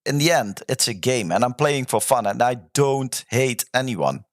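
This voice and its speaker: A man's voice: mid-range voice, lively intonation, a little slow. A man hosting a podcast, chatting candidly about his time in an online game and owning up to past mistakes. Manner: candid, admits past mistakes, talks in restarts. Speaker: podcast host.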